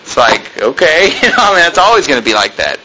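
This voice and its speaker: A man's voice: fairly high pitch, sing-song, quick pace, noisy background. A male pastor delivering a sermon in a plain-spoken, emphatic way, full of rhetorical questions.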